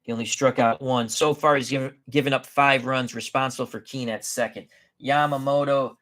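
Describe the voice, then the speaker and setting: A man's voice: medium pitch, fairly even intonation, fairly bright tone. A man hosting a tabletop baseball game, giving chatty play-by-play commentary and correcting himself as he goes. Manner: chatty, unhurried, self-correcting.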